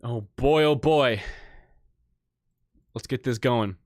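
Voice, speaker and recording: Excitable streamer man, dry close mic. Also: mid-range voice, slow, no room sound. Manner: excitable, laughing and tripping over words. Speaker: livestream host. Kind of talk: reading an AI story aloud with commentary.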